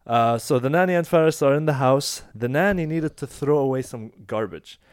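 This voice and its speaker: A man's voice: normal speed, clean tone, no room sound, studio quality. A man hosting a podcast, telling a story in casual chat and acting out the people in it. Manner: animated, acts out quoted voices in high pitch. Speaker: podcast host.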